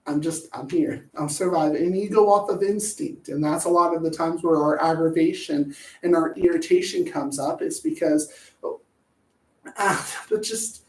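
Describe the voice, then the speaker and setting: A woman's voice: on the low side, a little mellow. A woman giving a casual talk on parenting. She is chatty and jokey, and she acts out little voices as she goes. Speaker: parenting educator. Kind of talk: casual presentation. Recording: echoey room, voice from a distance.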